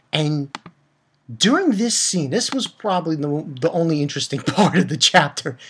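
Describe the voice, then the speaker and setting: Excitable rambling man reviewing manga. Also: a little high, slightly rough. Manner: excitable and rambling, many fillers and exclamations. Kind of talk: casual chat.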